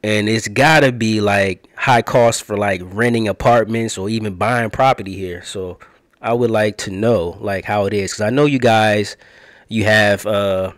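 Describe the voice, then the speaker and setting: A man's voice: fairly low pitch, steady tone, measured pace, no room sound, clean studio sound. A man from the United States talking casually as a travel vlogger, chatty and rambling with many fillers.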